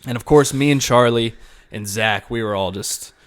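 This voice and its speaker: A young man co-hosting a podcast, telling a rowdy party story in casual chat, animated and swearing, laughing as he goes. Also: mid-range voice, normal speed. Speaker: podcast co-host.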